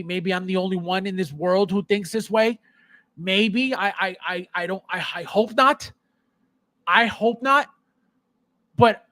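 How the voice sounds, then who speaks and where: High-voiced man ranting sarcastically. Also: a bit bright, dry recording. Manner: repeats phrases in exasperation. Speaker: podcast host. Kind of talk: live stream chat with viewers.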